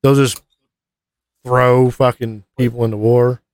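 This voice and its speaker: A man's voice: medium pitch, level tone, a little slow, a little mellow, no room sound. A man co-hosting a casual podcast, rambling with lots of fillers and swearing. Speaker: podcast co-host. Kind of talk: casual profane chat.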